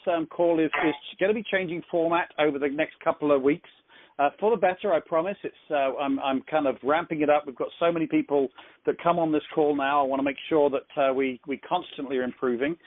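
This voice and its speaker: English man, conference-call host, chatty, rambling, fairly high pitch, phone-line audio. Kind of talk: casual motivational talk.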